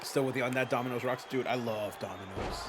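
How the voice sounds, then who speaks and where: A man's voice: medium pitch, quick pace, background noise. A man hosting a livestream, chatting playfully with his viewers while commentating a wrestling game. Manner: chatty and playful, talks straight to chat viewers. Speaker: streamer hosting a fantasy wrestling league.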